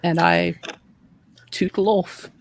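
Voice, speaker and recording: Slow-talking woman player. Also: on the low side, level tone, gravelly, dry recording. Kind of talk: tabletop role-play, casual chat.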